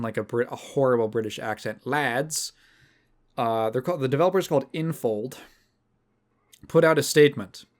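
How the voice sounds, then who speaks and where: A man hosting a podcast, telling a story in a casual, rambling and animated way. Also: fairly high pitch. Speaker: podcast host. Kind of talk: casual chat.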